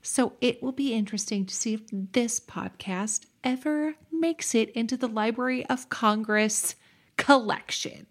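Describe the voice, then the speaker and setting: A woman podcast host explaining things in a clear, practical, advice-giving way. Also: on the high side, a little slow. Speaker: podcast host answering listener questions. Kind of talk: explanatory casual talk.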